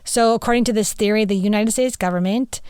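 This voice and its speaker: Speaking fast in a fairly even, medium-pitched voice with a slightly mellow, clean tone, this middle-aged woman hosts her podcast as a spirit mentor. The recording is dry, and her chatty, rambling monologue leans heavily on "like" and "right?".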